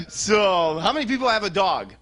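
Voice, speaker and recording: A man doing a stand-up comedy routine on a TV studio stage, talking in a rapid, goofy way and chatting with the crowd. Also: high-pitched, background noise. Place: TV studio stage with live audience.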